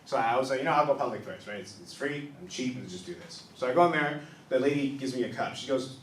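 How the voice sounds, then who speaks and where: Lively comedian in his thirties. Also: mid-range voice, quick pace, distant mic, slight background noise. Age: 30s. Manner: animated storytelling with acted-out quotes. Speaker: stand-up comedian. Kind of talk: stand-up comedy set. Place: comedy club stage. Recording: roomy club recording heard from off-mic with crowd. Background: audience laughter.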